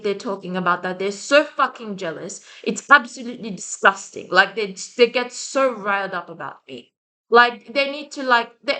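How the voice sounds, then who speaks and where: Woman, vlogger, angry ranting, lots of swearing, higher-pitched, sharp bright tone. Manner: agitated ranting with frequent swearing and restarts. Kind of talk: heated monologue to camera.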